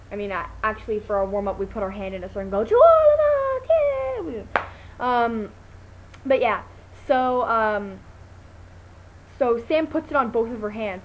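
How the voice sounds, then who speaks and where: A woman's voice: a little hiss or hum, low-quality recording. A teenage girl vlogging, telling a rambling story with lots of ums and restarts. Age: teens. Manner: chatty and rambling, many ums and restarts, bursts into excited high quoted voices. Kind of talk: casual storytelling vlog.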